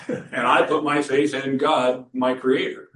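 A pastor and counselor with a mid-range, slightly bright voice preaches slowly and flatly in a church sanctuary, sharing folksy stories he chuckles at himself. The roomy recording was made from afar.

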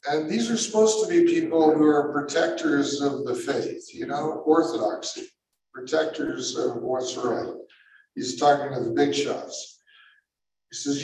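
A man preaching through a Bible passage, animated and full of rhetorical questions, often correcting himself mid-sentence. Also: fairly high pitch, a little slow, slight background noise. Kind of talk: expository Bible teaching. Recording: echoey room, mic at a distance.

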